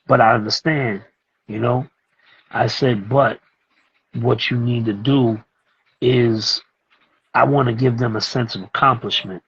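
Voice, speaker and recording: A middle-aged man, a music producer and teacher talking as a guest in a casual interview, telling animated stories and acting out what others said. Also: medium pitch, unhurried, pauses often, slightly rough, highs cut off. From Brooklyn, New York. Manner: animated, acts out other people's lines as he tells a story.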